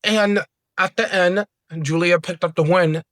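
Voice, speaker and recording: A man giving an excited, rambling wrestling review, full of "like" and restarts. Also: high-pitched, measured pace. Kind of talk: casual show review.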